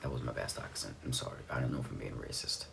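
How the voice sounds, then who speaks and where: A man's voice: rumbling low, fast, vocal fry, fairly bright tone, a little hiss or hum. A young man giving a rambling, offhand recap of a movie's plot, swearing now and then. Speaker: movie reviewer.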